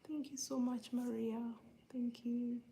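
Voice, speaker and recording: A woman from Uganda hosts a live stream and reads out her viewers' names in a hushed, unhurried voice. Her tone is mellow and dark with some vocal fry, a little higher than average. She sounds low-key and a bit under the weather, with faint background noise. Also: flat delivery, low-quality recording. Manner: soft, laid-back and low-key. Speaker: livestream host greeting viewers. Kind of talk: whispery live-stream chat.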